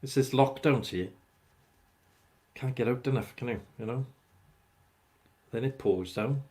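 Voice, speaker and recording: A man hosts a casual livestream, rambling as he talks with viewers and addresses them by name. His medium-pitched voice is mellow and measured in pace.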